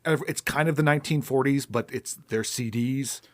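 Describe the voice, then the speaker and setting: A man's voice: medium pitch, moderate pace. A man co-hosting a podcast, chatting casually with wry remarks and frequent restarts. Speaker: podcast co-host. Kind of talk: casual chat.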